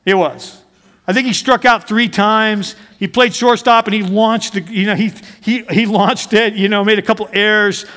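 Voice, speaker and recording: A man's voice: sits high, fairly bright tone, big-room sound. A middle-aged male pastor preaching a conversational sermon, asking his congregation questions and mixing in humor.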